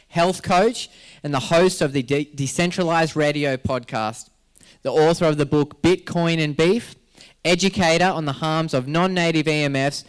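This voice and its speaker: A man's voice: on the high side, a bit bright, smooth. An Australian man hosting a live event as MC, joking and rambling through stories while laughing often. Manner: joking, rambling storyteller who laughs a lot. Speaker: MC at a health summit.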